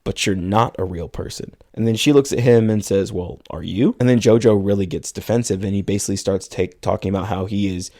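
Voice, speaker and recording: Low-voiced man recapping a film. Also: a little fast, hardly any pauses, mellow. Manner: retells the plot at length, quotes characters in passing. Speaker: podcast co-host.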